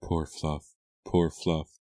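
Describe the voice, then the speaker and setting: A deep-voiced man as a gentle young woman. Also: flat delivery, extremely slow, dry recording, heavily acted. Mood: distressed. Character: gentle young woman, dog-loving sister.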